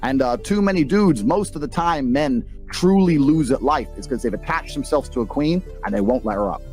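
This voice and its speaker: A man's voice: fairly high pitch, expressive, a little fast, darkish tone, faint music behind. A middle-aged man with an English accent, a former fighter telling stories in casual chat, blunt and profane. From England. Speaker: podcast guest, former kickboxer.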